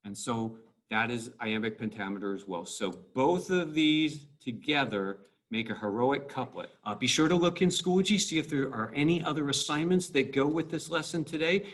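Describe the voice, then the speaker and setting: A man's voice: medium pitch, lively intonation, normal speed, few pauses. A male teacher giving a recorded online lesson in a casual, thinking-aloud way, breaking poetry lines into syllables.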